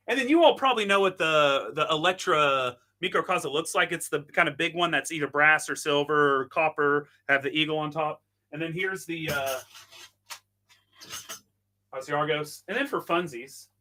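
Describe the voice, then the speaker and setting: A man's voice: a little high, moderate pace, pushed and bright. A man hosting a casual live product demo, chatting and thinking aloud while he tinkers, with self-deprecating asides. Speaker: host.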